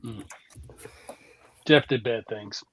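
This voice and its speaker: A man guest in a casual chat, talking haltingly and repeating words as he explains. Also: mid-range voice, breathy edge, dry recording.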